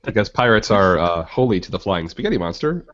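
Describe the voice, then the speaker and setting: A man with a lowish voice trades crude jokes on a casual online hangout show. He also reads out study details in a steady, explaining way. The audio comes through a dull, lo-fi call line. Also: brisk. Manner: joking, profane, lectures from studies. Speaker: podcast co-host. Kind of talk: casual chat. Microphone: video call.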